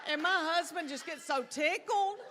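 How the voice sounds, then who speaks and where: With an extremely high voice and a moderate pace, a middle-aged woman does stand-up for a live audience. She drawls through stories and acts out quotes amid background noise, a loud crowd, and laughter.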